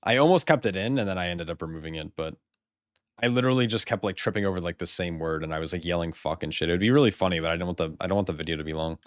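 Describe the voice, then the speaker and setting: A man's voice: low voice, rapid-fire, no echo, studio quality. An American man rambling casually while streaming a game, swearing freely and laughing often. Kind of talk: casual live-stream chat.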